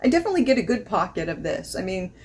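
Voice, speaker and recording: A woman's voice: medium pitch, very animated, very fast, a little mellow. Chatty woman reviewing a fragrance. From not from the American South. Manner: chatty, rambling, laughs often. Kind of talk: casual review vlog.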